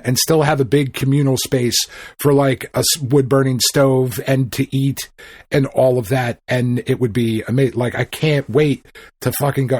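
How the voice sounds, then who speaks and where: A middle-aged man co-hosting a podcast, chatting casually in an excitable, rambling, profane way. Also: medium pitch, no echo, studio quality. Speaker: podcast co-host. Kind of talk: casual chat.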